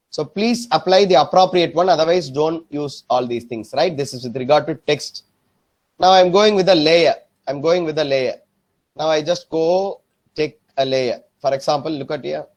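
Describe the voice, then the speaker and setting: A man teaching a software design lesson, often repeating himself and asking if the class is following. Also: fairly high pitch. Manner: repetitive, keeps checking "am I clear?". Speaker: design instructor. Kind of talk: screen-recorded software tutorial.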